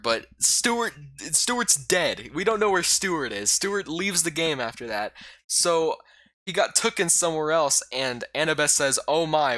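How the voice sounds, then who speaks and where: A man casually recapping a game he played as a YouTuber, rambling and excitable with lots of fillers. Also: on the high side, no room sound.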